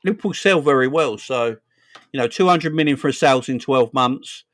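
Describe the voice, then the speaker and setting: A man in his forties with a South London accent, hosting a casual football livestream, rambling and chatty, giving viewers shout-outs. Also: medium pitch, normal speed, dry recording, studio quality. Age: 40s. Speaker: football channel host.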